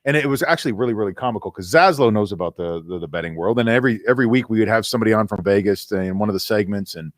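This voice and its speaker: A man's voice: fairly low pitch, no echo, studio quality. A man co-hosting a casual sports talk show, telling long rambling stories and tripping over his words. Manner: rapid rambling storyteller, stumbles and repeats words. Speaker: co-host. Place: radio studio.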